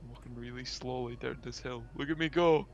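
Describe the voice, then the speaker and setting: A man's voice: medium pitch, steady tone, brisk, a little hiss or hum. A male podcast host chatting casually and joking while playing a game. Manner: playful, joking banter. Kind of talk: casual chat while gaming.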